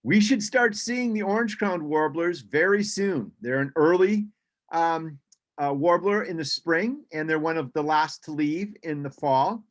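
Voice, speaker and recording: A man presents a slideshow on birds over a video call, in an easy, conversational way. His voice sits a touch high, and he often pauses with ums and starts sentences over. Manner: chatty, frequent ums and restarts. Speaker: birding presenter.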